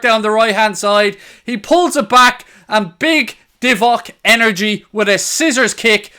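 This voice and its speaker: A man hosting a live football watchalong, excitable, swearing and shouting over the action. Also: high-pitched, unhurried, few pauses, clear, resonant tone. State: out of breath. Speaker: watchalong host.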